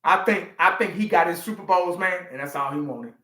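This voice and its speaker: Bright-voiced, profane ranting man. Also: high voice, brisk, reverberant. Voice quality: profane, emphatic, repeats himself. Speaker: sports fan vlogger. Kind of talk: ranting live reaction.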